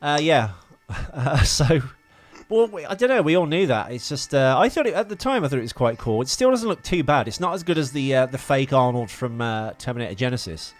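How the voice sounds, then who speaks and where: A man's voice: medium pitch, very animated, brisk, soft background music. A man in an easygoing podcast chat about movies. He rambles and circles back, stacking up fillers and false starts as he thinks aloud. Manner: rambling, hesitant, lots of uh and restarts. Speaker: podcast co-host. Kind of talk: casual film chat.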